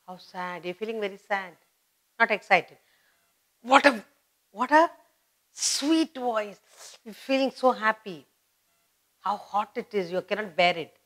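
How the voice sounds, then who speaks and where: A woman with an Indian English accent teaching a grammar lesson, slowly and patiently repeating example sentences. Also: on the high side, fairly bright tone.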